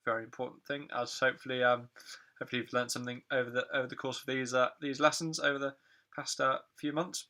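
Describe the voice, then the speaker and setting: A man teaching English in a loose, conversational way, full of fillers and little asides. His voice is bright and forward, with a gravelly edge at the ends of phrases. He sounds like a teacher chatting through a lesson on phrasal verbs. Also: mid-range voice, little pitch movement, fairly quick.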